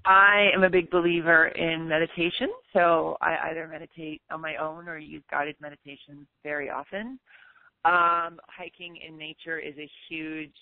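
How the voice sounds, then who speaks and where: A woman's voice: deep voice, gravelly, no room sound. A woman in her fifties, a guest in a podcast interview, talking in an upbeat, emphatic, self-assured way. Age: 50s. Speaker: guest author. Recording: tinny phone line, dry.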